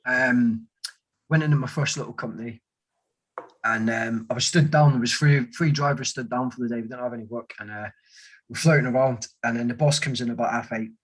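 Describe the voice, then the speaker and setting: A husky man, his pitch in a plain middle range, chatting casually. He tells relaxed stories and keeps calling his friend mate. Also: fairly quick. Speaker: guest, army veteran. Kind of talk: casual chat.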